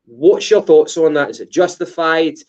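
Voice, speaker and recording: A man's voice: fairly high pitch, normal speed, darkish tone, lo-fi sound, slight background noise. A Scottish man co-hosting a casual football podcast, hesitant with many fillers and restarts. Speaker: podcast co-host.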